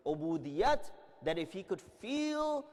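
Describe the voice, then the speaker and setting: A man preaching with a high, animated voice that climbs and falls as he acts out every exchange. The sound carries a long reverb from a large hall. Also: takes it slowly. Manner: dramatic storytelling, acting out quoted dialogue. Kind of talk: religious lecture. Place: large Islamic center hall.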